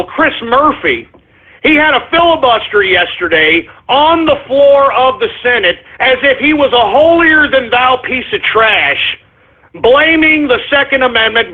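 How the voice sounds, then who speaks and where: Furious high-pitched ranting radio host man. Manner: angry, profane, shouting rant. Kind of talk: ranting political talk radio monologue. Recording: tinny phone-like lo-fi radio audio.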